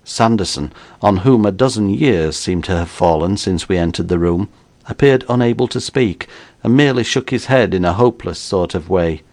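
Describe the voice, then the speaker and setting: A man reading an audiobook in a measured storytelling manner. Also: deep voice, darkish tone. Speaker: narrator.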